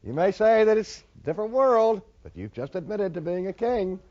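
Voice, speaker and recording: A man's voice: high voice, animated, moderate pace, darkish tone, pitched above the performer's own voice. A man voicing Pilate as a skeptical, needling Roman governor, in a dull lo-fi recording.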